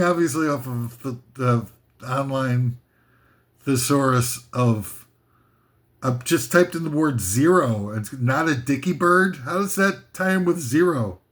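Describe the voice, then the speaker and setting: Slow, rambling man reading a comic list. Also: fairly high pitch. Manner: rambling, self-mocking, drifts off topic. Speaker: host of a list video.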